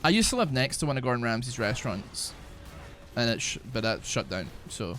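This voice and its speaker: A man's voice: mid-range voice, sing-song, a little fast, fairly bright tone, soft background music. A young man streaming a game live, chatting casually, rambling with frequent restarts and plenty of swearing. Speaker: gaming streamer. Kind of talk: casual live-stream chat while gaming.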